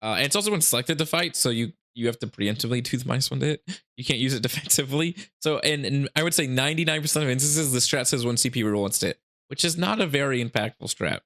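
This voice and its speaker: A man's voice: medium pitch, quick pace, fairly bright tone. Casual man breaking down game rules. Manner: rambling, laughing asides, frequent restarts. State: hiccups. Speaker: gaming channel host.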